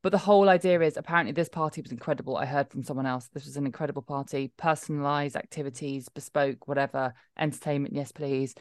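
A woman's voice: deep voice, steady tone, quick pace, hardly any pauses, a little mellow, no echo, clean studio sound. A middle-aged woman co-hosting a podcast, chatting emphatically with lots of asides. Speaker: podcast co-host. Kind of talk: casual chat.

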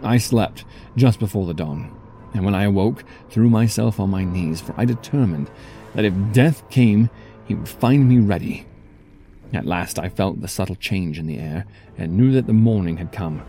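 A male narrator reads a gothic tale in the first person with a measured, storytelling delivery. His voice is fairly low and very dark and mellow. Soft music plays faintly behind him. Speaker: audiobook narrator.

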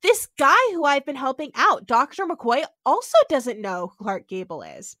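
A woman's voice: high-pitched, sing-song, normal speed, a bit bright, no room sound, studio quality, pitched above the performer's own voice. A woman voicing a kind, earnest young woman of the 1930s in a sweet, chatty way.

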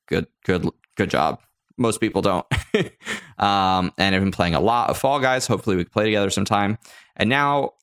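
A man's voice: on the low side, moderate pace, a bit bright, clear, resonant tone. A man hosting a casual podcast, reading listener mail aloud and laughing. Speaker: podcast host.

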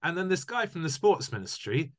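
Man telling lively stories. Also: fairly high pitch, a little fast. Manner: animated anecdotes, repeats words when restarting. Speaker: guest, tour company founder. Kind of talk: casual storytelling chat.

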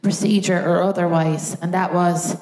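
A woman doing a live stand-up set, telling an animated story and laughing through her punchlines. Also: lowish voice, normal speed, noisy background. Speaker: stand-up comedian. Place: large theatre stage. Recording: echoey theatre, audience laughter.

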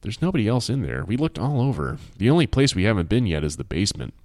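A man's voice: lowish voice, big pitch swings, fast talker, darkish tone, dry recording, studio quality. A man doing a weary small-town sheriff. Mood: grim. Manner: grim, plainspoken.

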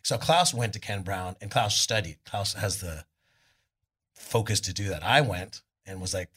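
A middle-aged man with a Californian accent, speaking live on a club stage. His low voice has a husky edge. He rambles through animated stories and jumps into loud voices when he quotes people. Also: moderate pace. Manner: rambling, animated storyteller, acts out quotes loudly. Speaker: guest, rock singer. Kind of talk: live on-stage storytelling interview.

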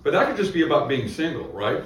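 A man's voice: on the high side, very animated, fast talker. A man coaching a comedian, giving easygoing feedback on her jokes and thinking aloud. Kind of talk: giving feedback on jokes, then introducing a comic. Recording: echoey room, mic at a distance.

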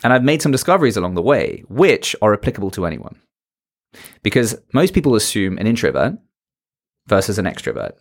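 A man's voice: lowish voice, sing-song, a little fast. A man as a podcast guest and public speaker, animatedly giving advice and shifting his tone and pace to make his points. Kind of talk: motivational talk in a conversation.

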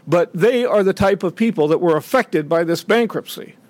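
A man's voice: moderate pace, darkish tone, no echo. A middle-aged man giving an impassioned, indignant public speech from a podium, acting out the voices he quotes. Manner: indignant, acts out quoted voices with rising pitch. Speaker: speaker at a podium.

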